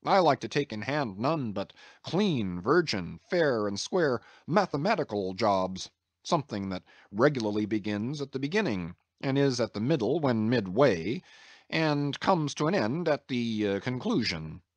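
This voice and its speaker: Guy reading as a muttering old carpenter, lower and softer, fussy grumbles, dry close sound. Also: very animated, a little slow, no echo. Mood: grumbling. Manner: muttering, hesitant, self-important complaining. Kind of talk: audiobook character reading.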